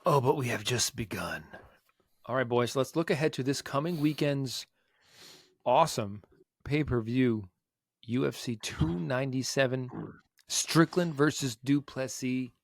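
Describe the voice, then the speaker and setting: A man's voice: mid-range voice, measured pace, no echo, clean studio sound. A man hosting a casual sports podcast, upbeat and playful as he leads the talk. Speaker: podcast host.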